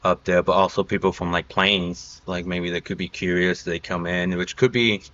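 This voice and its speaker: Low, bright-toned man, lo-fi. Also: little pitch movement, moderate pace, slight background noise. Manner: rambling, filler-heavy storytelling. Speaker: podcast host. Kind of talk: casual podcast chat.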